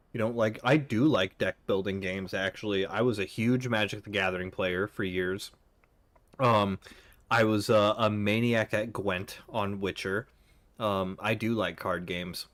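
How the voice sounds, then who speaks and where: A young man chats on a live stream, rambling between chat messages with plenty of fillers. His voice is on the low side and recorded close and dry at a desk mic. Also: fairly even intonation, measured pace, fairly bright tone, no echo. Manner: rambling, filler-heavy, reads chat aloud.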